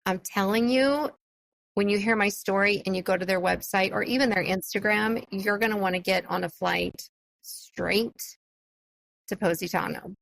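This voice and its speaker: A woman's voice: medium pitch, normal speed, vocal fry, a bit bright, no echo, low-quality recording. A woman hosting a solo podcast, telling a personal story in a chatty, enthusiastic way with frequent fillers. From California. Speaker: podcast host.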